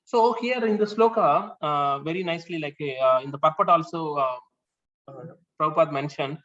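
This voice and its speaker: High-voiced man explaining scripture, halting. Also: a bit bright. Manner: halting, many fillers and restarts. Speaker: class leader. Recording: dull lo-fi sound.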